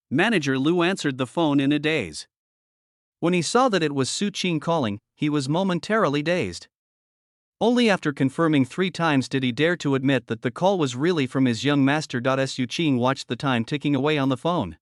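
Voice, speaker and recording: A man reading a scripted story recap as the narrator, in an even, steady delivery. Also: on the high side, moderate pace, dry recording, clean studio sound.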